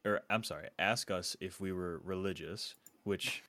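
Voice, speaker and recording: A man telling a story in an animated way during a casual group chat, speeding up in bursts. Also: low voice, normal speed.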